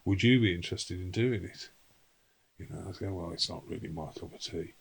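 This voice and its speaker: A man's voice: sits low, a little fast, vocal fry, breathy edge, poor audio. A man, a guest in a casual interview, telling rambling stories laced with swearing. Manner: rambling storyteller, salty swearing, acts out quotes.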